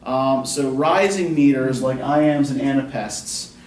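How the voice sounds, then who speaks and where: A man's voice: mid-range voice, slow, darkish tone. A man teaching a college poetry class, explaining patiently and often asking the students questions. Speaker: college English instructor. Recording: roomy classroom from a distance with faint noise.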